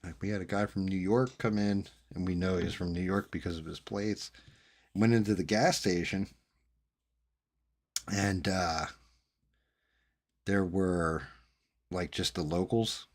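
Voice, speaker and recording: A man's voice: low voice, steady tone, measured pace, long pauses. A middle-aged man from New Jersey, chatting casually with viewers and telling rambling, profane stories. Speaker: streamer host chatting with viewers. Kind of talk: casual chat.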